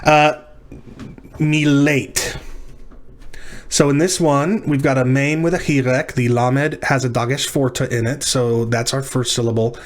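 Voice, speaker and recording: A man's voice: mid-range voice, fairly even intonation, a little slow. A man teaching a language lesson, working through practice words aloud, thinking as he goes and correcting himself. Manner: thinking aloud, self-correcting, sounding out syllables. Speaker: language instructor. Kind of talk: recorded lecture practice walkthrough.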